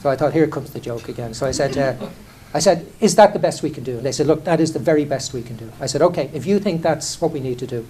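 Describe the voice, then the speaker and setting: Middle-aged Irish man, executive; candid anecdotal delivery, mid-pitched, faint noise underneath. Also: fast talker, few pauses, mellow. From Ireland. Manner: conversational, self-deprecating, frequent restarts and "you know". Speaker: airline chief executive. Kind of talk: candid anecdotal talk on stage.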